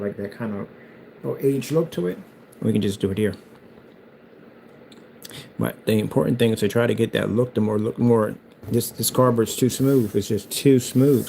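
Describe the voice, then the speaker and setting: Gravelly dark-voiced guy rambling about his diy project, all hyped up, faint hiss behind. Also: medium pitch, poor audio. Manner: hyped, rambling, self-promoting. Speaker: DIY builder. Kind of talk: casual build vlog.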